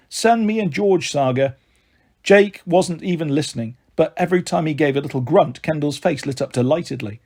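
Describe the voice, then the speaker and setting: Husky man reading a storybook. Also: on the high side. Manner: steady storybook narration. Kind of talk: reading a children's novel aloud.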